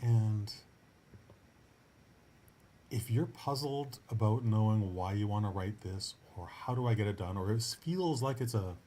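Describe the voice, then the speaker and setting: A man's voice: lowish voice, a little slow, long pauses, warm tone, a little hiss or hum. A man hosting his own show as a writing coach, talking in a casual, earnest and encouraging way, often restarting his sentences. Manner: earnest and encouraging, with frequent restarts and upbeat asides. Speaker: writing coach and podcast host. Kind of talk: casual motivational coaching monologue.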